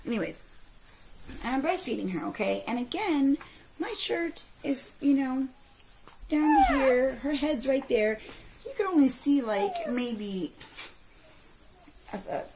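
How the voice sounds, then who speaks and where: A woman in her forties ranting in a vlog from her parked car, telling her story with indignant, animated outbursts. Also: a little high, creaky, background noise. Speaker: vlogger.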